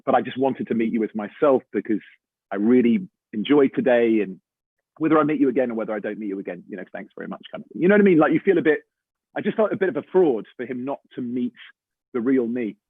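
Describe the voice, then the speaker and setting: A middle-aged English man with an English accent tells a story in a chatty, animated way, calling people mate and man. His voice has a slightly husky edge. It comes through dry and tinny, like a phone or remote call. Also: mid-range voice, quick pace, dry recording. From England. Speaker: voice actor guest. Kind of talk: casual panel chat.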